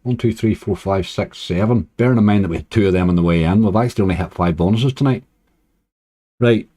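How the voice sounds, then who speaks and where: Mellow low-voiced man chatting over slots. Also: brisk. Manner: chatty, cheers at bonuses. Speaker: slots streamer. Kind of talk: casual commentary on slot play.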